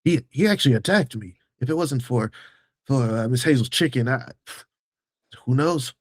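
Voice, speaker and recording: Husky man player. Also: mid-range voice, moderate pace, dry recording. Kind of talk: tabletop role-play.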